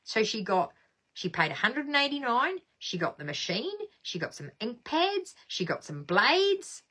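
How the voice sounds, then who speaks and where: A chatty woman talks to her viewers in a casual live stream. Her voice is bright and forward, and it leaps around a lot in pitch. She is bubbly and quick to laugh as she reads out comments. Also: big pitch swings. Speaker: craft demonstrator hosting a live stream.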